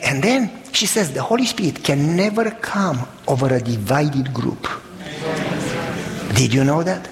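A pastor preaching an emphatic sermon, often asking the congregation questions and rising to shouts. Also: male voice, a little high, big-room sound, poor audio.

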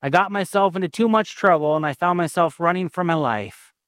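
A male pastor preaching a sermon, telling his own story and closing in prayer, slow and earnest with emphatic rises. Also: high-pitched, fairly bright tone, no room sound, clean studio sound. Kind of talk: sermon with personal testimony and prayer.

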